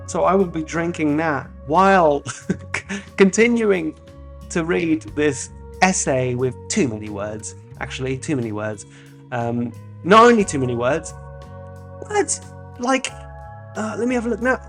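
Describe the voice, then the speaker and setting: A man's voice: a little high, animated, moderate pace, faint music behind. A man from France hosting a podcast, rambling and self-mocking, swearing freely between stretches of reading an essay aloud. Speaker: podcast host.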